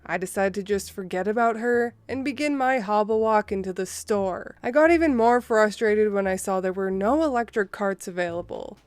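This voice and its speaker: A woman in her thirties narrating an online story in the first person with a steady, plain reading. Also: medium pitch, no room sound. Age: 30s.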